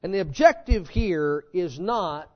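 A pastor preaches fervently to his congregation, driving hard on key words, then dropping low and intense. His voice sits high for a man. The church recording sounds dull and lo-fi. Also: expressive, measured pace. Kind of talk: sermon.

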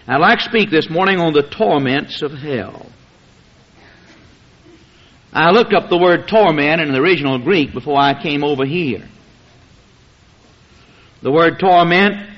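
A man preaching a sermon, reading scripture aloud and stressing words solemnly and emphatically. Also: a little high. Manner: solemn, emphatic preaching in King James phrasing. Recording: muffled lo-fi sermon recording.

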